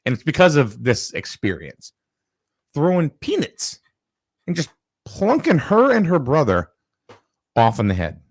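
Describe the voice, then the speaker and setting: A man casually chatting and telling a story with lively energy, acting out the people in it. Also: a little high, a little slow, pauses often, dry recording. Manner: animated storyteller, acts out quoted people loudly.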